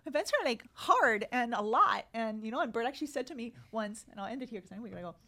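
A woman's voice: a little high, expressive, quick pace, pushed and bright. A woman in her thirties, a podcast guest in casual conversation, telling stories animatedly and acting out quoted dialogue.

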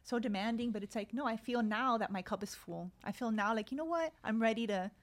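A woman's voice: a little high, a little fast. A woman in her thirties, a podcast guest in casual conversation, telling stories animatedly and acting out quoted dialogue.

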